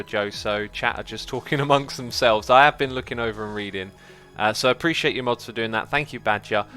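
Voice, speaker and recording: A man chats calmly on a livestream in a forceful, bright voice and thanks his viewers at length. His pitch sits in the middle of the male range. Faint music plays underneath. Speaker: livestream host reading chat. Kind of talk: casual livestream chat.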